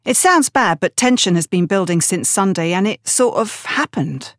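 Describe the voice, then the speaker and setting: A woman's voice: medium pitch, lively intonation, moderate pace, no room sound, clean studio sound, lightly acted. A woman voicing a shaken, weary young male private in an audiobook, talking earnestly and with some hesitation.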